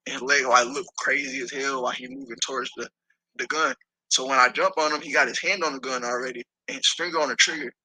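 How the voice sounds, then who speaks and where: As an interview guest, a man tells a story with animation and plenty of profanity, acting out the voices of the people involved. His pitch is medium and he talks fast, and the recording is rough.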